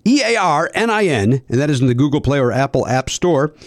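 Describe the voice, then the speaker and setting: A man's voice: a little high, big pitch swings, fairly quick, dry recording, studio quality. A man hosting a podcast, doing ad reads with playful, teasing banter. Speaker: podcast host. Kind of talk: ad read with banter.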